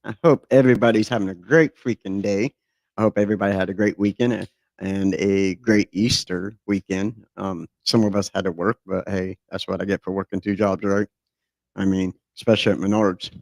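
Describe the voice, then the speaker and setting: A man's voice: on the low side, vocal fry, a little mellow, no echo. A middle-aged man hosting a podcast in loose, profane, joking chat full of fillers. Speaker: podcast host. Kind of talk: casual, crude chat.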